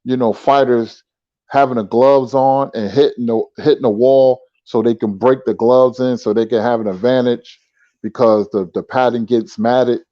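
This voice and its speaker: Man, guest, relaxed storyteller, mellow voice, dull lo-fi sound. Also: medium pitch, normal speed, no room sound. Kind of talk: casual conversation.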